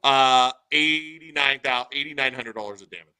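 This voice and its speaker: Bright, tense-voiced man telling stories. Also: medium pitch, fairly quick, smooth, low-quality recording. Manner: animated storyteller, says "dude" a lot. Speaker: podcast host. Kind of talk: casual podcast chat.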